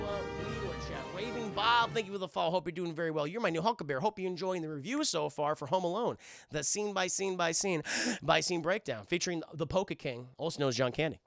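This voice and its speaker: A man casually recapping a film scene by scene for his live chat, rambling and profane, acting out the characters in quick voices. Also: on the high side, gravelly, bright, forceful tone. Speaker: film review streamer.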